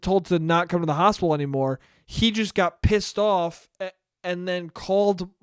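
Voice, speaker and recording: A man's voice: sits high, moderate pace, clean tone, dry recording, clean studio sound. A young man hosting a casual solo podcast, rambling and swearing freely in an amused tone. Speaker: podcast host.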